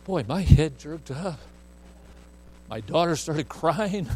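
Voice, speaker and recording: A male preacher telling a homely story from the pulpit, slipping into the voices of the people he quotes. His voice sits a touch high for a man. Faint noise hums underneath. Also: lively intonation, slow, dark tone, low-quality recording. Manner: folksy storyteller who acts out the voices he quotes. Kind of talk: storytelling sermon.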